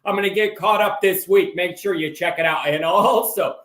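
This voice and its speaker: A man hosting a call-in sports show, talking in a loud, excitable, rambling way. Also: high-pitched, moderate pace, reverberant. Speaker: host.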